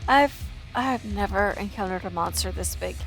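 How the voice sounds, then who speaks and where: A woman playing a tabletop horror game, excitable, with quick reactions in casual table talk. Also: medium pitch, faint music behind. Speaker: player.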